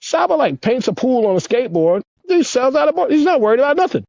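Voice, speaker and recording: A man chatting as a podcast guest, telling excited stories with lots of swearing. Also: fast, gravelly, no room sound, muffled recording. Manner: excited storyteller, swears a lot, animated swings in pitch. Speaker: podcast guest, former pro skateboarder. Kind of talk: casual interview chat.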